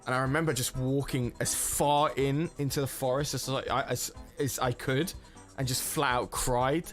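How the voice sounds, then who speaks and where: A man's voice: medium pitch, steady tone, normal speed, a bit bright, faint music behind. A young man streaming a racing game, chatting casually in a rambling, sweary way, often stopping and restarting his sentences. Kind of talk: casual chat while gaming.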